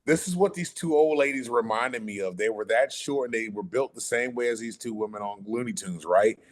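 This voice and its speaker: Animated, profane man telling a story. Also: medium pitch, brisk. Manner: animated, profane, acts out quotes. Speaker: podcast guest. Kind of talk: casual storytelling.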